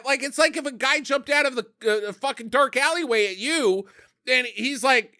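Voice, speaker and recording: High, lively man riffing on a movie. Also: moderate pace. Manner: animated, profane, acts out scenes in silly voices, laughs often. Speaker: podcast co-host reviewing a movie. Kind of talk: casual comedic movie riffing.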